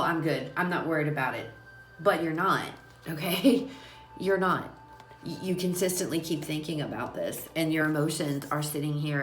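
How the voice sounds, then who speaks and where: A woman with a low voice gives a casual tarot reading, chatty and emphatic, and often repeats herself as she talks straight to her listeners. Her nose is runny and her eyes are watering. She is recorded in an echoey small room with faint music behind her. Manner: chatty, repetitive, emphatic, addresses listeners directly. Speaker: tarot reader.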